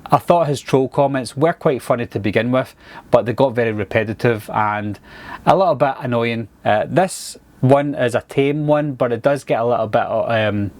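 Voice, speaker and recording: A man with a Scottish accent, talking casually to camera as a movie reviewer, relaxed and chatty. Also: mid-range voice, normal speed. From Scotland.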